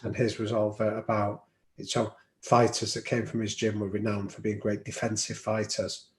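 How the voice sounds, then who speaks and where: A man's voice: lowish voice, monotone, moderate pace. A man telling stories as a podcast guest, reflective and anecdotal, with frequent ums. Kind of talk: storytelling in an interview. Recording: roomy echo.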